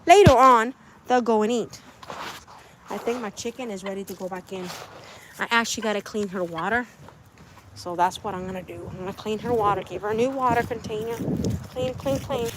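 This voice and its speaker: A woman's voice: mid-range voice, fairly quick, a bit bright. A woman hosting a casual livestream from her backyard chicken coop. She chats to viewers, repeats herself and coos to her animals. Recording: noisy outdoor phone stream.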